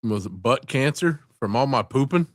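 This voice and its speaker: A man's voice: medium pitch, expressive, normal speed, dry recording, clean studio sound. A man hosting a casual live stream, rambling and joking with frequent laughter. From southern United States.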